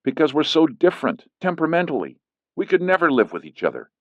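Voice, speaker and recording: A man's voice: a little high, huge pitch swings, quick pace, no echo, pitched above the performer's own voice. A man voicing a firm, defensive leading man. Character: firm middle-aged man, a lawyer. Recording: dull lo-fi recording.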